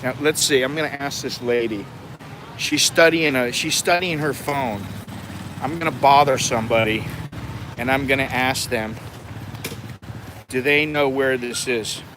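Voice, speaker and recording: A man's voice: mid-range voice, a little slow, pauses often. Wry man vlogging on busy city streets. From United States. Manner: wry, self-mocking, chuckling asides. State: sweaty from walking in heat. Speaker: travel vlogger. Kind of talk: casual walking vlog. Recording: outdoor street noise.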